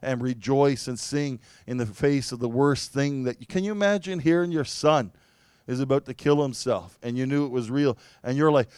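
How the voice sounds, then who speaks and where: A man preaching a sermon, telling his story in an animated way, laughing often and now and then bursting into loud exclamations. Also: mid-range voice, moderate pace, smooth, no room sound. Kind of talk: sermon testimony.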